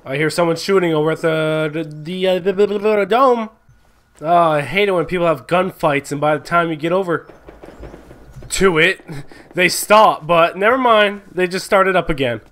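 A young man giving live, excitable commentary on a game he plays, swearing and yelling when surprised. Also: fairly high pitch, moderate pace. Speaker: gaming commentator.

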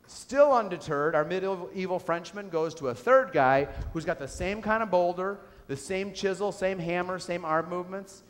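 Man, keynote speaker, fairly high voice, storytelling, long hall reverb. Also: moderate pace. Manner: storytelling, asks the audience questions. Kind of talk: business keynote speech. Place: lecture hall with audience.

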